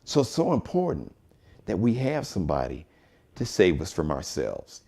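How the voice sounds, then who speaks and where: A man hosting a live commentary show, joking and telling stories in an animated way. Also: low voice, moderate pace, creaky, husky. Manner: animated, joking, storytelling, shout-outs. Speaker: host.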